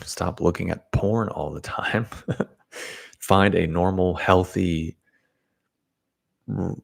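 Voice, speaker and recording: A man with a very deep, gravelly voice delivers a casual opinion monologue on self-development. He is blunt and opinionated, wandering through his points with restarts and the odd chuckle. The low fry sits under nearly every phrase. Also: steady tone, slow pace, long pauses.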